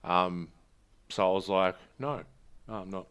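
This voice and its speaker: A man's voice: deep voice, unhurried, a bit bright, clean tone. A man co-hosting a podcast, chatting casually and rambling through stories, often restarting his words. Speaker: podcast co-host. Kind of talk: casual chat.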